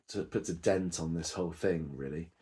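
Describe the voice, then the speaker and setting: A man's voice: low-pitched, a little slow, a little mellow. A man casually reviewing a music box set, rambling with many ums and self-corrections.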